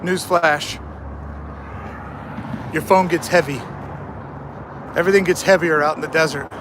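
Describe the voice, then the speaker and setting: A fairly high-voiced man live-streams his walk, chatting in a joking, self-mocking way and hyping himself up like a mock coach. He talks into a phone he holds in his hand outdoors, and wind and traffic noise come through clearly. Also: steady tone, a little slow. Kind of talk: live-streamed walking vlog. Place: outdoors on a desert sidewalk, walking. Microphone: phone held in hand.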